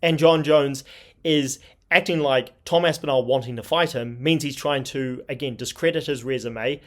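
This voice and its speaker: A man's voice: mid-range voice, moderate pace. A man hosting a sports commentary channel, talking in an indignant, scornful tone. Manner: indignant, scornful, reads tweets aloud. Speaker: MMA commentary channel host. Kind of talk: opinionated commentary.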